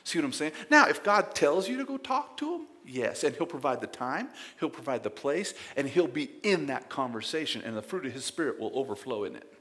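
A man preaching a sermon as pastor, emphatic and conversational, swinging between loud bursts and quiet asides and often repeating words. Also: mid-range voice, big pitch swings, brisk, hardly any pauses, big-room sound.

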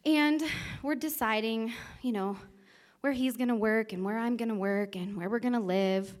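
A woman's voice: on the high side, moderate pace. A woman preaching a casual sermon, telling a personal story in a chatty way and often checking in with the listeners. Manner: conversational, laughs lightly, checks in with okay.

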